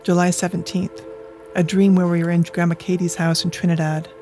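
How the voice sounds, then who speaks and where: Faint music plays under a dry close-mic recording of an adult from Colorado reading personal journal entries. The voice is mid-range and flat, quiet and measured, at times dropping to a whisper.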